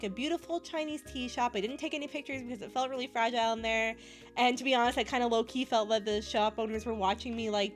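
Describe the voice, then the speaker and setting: A bubbly young woman from Canada chatting casually with her stream chat, giggling often and gushing over cute things. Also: a little high.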